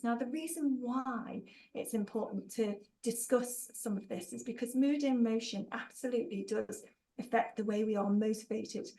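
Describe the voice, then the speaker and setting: A woman's voice: fairly high pitch, mellow, poor audio. Upbeat jokey woman trainer. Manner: upbeat, jokey, reads out participants' chat answers. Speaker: workshop trainer. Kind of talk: online training webinar.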